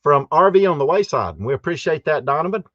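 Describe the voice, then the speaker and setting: A man's voice: on the high side, expressive, fast talker, fairly bright tone, no echo, dull audio. A man hosting a live stream from a campground, chatty and rambling, giggling often as he greets viewers. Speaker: host of a live stream show. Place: campground in Texas.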